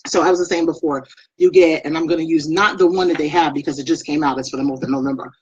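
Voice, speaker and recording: A woman's voice: deep voice, fairly even intonation, fast talker, a little mellow, breathy edge, dry recording, dull audio. A woman doing a chatty, rambling makeup live stream, greeting her viewers by name. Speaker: makeup vlogger and beauty product presenter. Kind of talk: casual live-stream chat.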